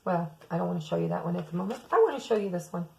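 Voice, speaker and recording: Woman doing a tarot reading for her viewers, raspy fry in her voice, thinks out loud. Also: lowish voice, lively intonation, very fast, low-quality recording. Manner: musing, speaks to viewers as "some of you". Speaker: tarot reader.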